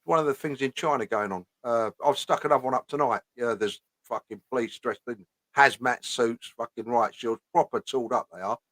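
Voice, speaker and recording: Casting: blunt man, mid-pitched, dry close sound, casual ranting host. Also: brisk, few pauses, fairly bright tone, no echo. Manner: blunt, swears often, repeats "you know what I mean".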